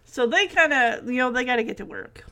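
A woman's voice: on the high side, lively intonation, fairly quick, creaky, bright, forceful tone. A woman casually recapping a TV episode in a chatty way, with sarcastic asides.

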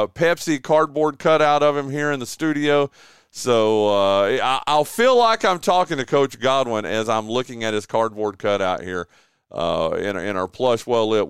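A man's voice: mid-range voice, clear, resonant tone, dry recording, clean studio sound. A man hosting a local sports radio show, chatting casually and rambling through sponsor reads with lots of fillers. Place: radio studio. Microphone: close studio mic.

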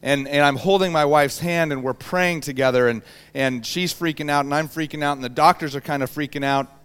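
A man preaching in a church, telling a personal story and acting out the voices in it. His voice is smooth and clear, and sits a little higher than most men's. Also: fairly quick. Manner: animated storyteller, acts out voices. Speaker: pastor.

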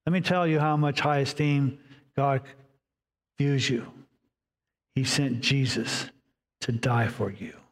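A man preaching a sermon, reading scripture aloud and voicing inner dialogue with dramatic pauses. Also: mid-range voice, long reverb tail. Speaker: pastor.

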